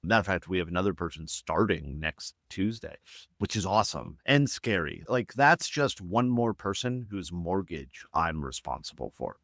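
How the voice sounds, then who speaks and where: A middle-aged man guests on a podcast, telling casual stories with lively, swinging pitch. He slips into quoted voices as he talks. The sound is dry and close, with no room echo. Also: normal speed. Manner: animated, acts out quoted dialogue. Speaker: cybersecurity company CEO, guest. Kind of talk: casual storytelling in interview.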